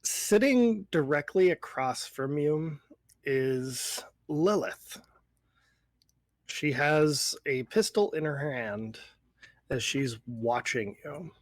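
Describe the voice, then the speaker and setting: A man narrating a tabletop role-play as game master in a measured way. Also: on the high side, no echo.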